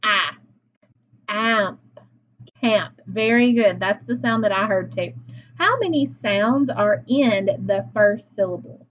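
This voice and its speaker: Woman teaching phonics to kids, slow and encouraging, kinda high voice, bit dull lo-fi sound. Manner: slow, encouraging, with pauses for answers. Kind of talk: phonics lesson for children. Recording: slightly dull lo-fi sound with faint noise.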